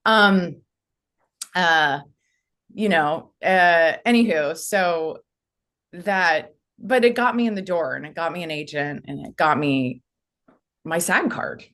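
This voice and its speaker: Woman from the US, somewhat low voice, casual interview storytelling, rambling, many fillers. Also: slow, long pauses, fairly bright tone. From United States. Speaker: actress, podcast guest.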